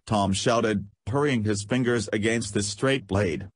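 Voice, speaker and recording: A man narrating an audiobook in a low, husky voice. His reading is steady, and the recording is dry and close with no room sound. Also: a little slow, hardly any pauses, no room sound. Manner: reads dialogue aloud with profanity.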